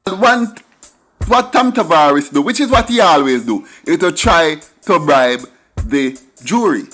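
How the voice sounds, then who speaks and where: A man's voice: a little high, animated, measured pace, a bit bright, soft background music. Sing-song Jamaican man telling a story. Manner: sing-song, emphatic patois asides. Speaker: commentator. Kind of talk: storytelling monologue.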